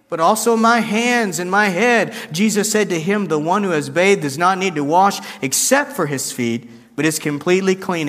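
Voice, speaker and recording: A man's voice: sits high, a bit bright, in a large hall. A man preaching a conversational sermon, acting out quoted lines with shifts in his voice. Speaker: pastor.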